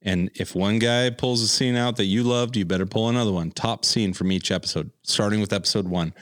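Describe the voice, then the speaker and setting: A man hosting a casual chat, animated and joking as he steers the talk. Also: fairly low pitch, brisk. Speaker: podcast host.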